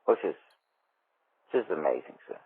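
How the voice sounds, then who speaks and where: A man leaving a long voicemail for a radio show, telling a rambling story with drawn-out pauses and often calling the host sir. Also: very deep voice, big pitch swings, creaky, breathy edge. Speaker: voicemail caller. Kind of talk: rambling anecdote. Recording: tinny phone-line voicemail.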